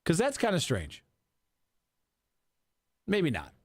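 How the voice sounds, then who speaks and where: Man, 40s, radio show chat, cursing, rambling, animated pitch, slightly high voice. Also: slow, slightly rough. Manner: profane, rambling banter with restarts. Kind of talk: casual chat.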